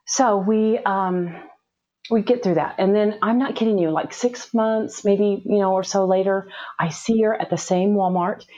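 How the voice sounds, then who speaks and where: A woman's voice: mid-range voice, unhurried, dark tone. A middle-aged woman telling a personal story in conversation, earnest, with many restarts. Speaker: guest. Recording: slightly dull lo-fi sound.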